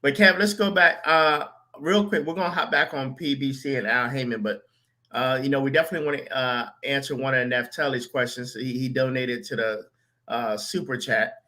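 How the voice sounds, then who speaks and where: A man hosting a casual podcast chat, giving shout-outs and reading out viewer questions. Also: mid-range voice, steady tone, normal speed. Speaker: podcast host.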